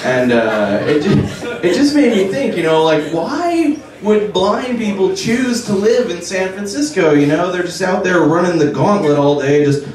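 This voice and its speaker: Young guy doing standup at a bar, kinda high voice, deadpan and halting, super echoey and far from the mic. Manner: deadpan, halting with many fillers. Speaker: stand-up comedian. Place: bar with a live audience. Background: audience laughter.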